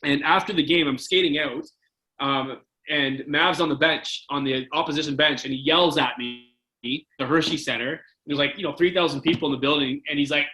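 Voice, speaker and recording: A man's voice: on the high side, fairly even intonation, a little fast, bright, forceful tone, poor audio. A man in his forties, a former hockey player telling rambling stories as a podcast guest, with many fillers and restarts. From Canada. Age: 40s. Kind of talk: casual storytelling.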